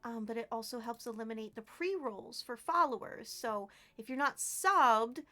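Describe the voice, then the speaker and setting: A woman's voice: on the high side, lively intonation, moderate pace, sharp tone. A woman streamer chatting casually with her live viewers, giggling often and thanking them by name.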